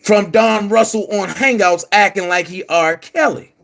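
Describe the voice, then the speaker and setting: Slow, heated high-voiced man. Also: gravelly, fairly bright tone. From Baltimore. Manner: confrontational, repetitive, calls listeners brother. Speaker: online commentator. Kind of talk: heated monologue to camera.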